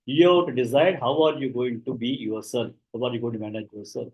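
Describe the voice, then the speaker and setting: A man's voice: mid-range voice, steady tone, brisk, highs cut off. A man teaching a class online, explaining each verse and chanting it for students to repeat. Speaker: shloka teacher.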